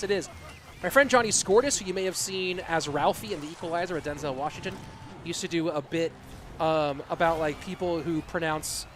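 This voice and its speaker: A man casting an esports tournament on a live stream, rambling casually while reading chat and breaking into excited play-by-play. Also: a little high. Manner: rambling, self-deprecating, reads chat aloud; bursts into loud excited play-by-play. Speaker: esports caster.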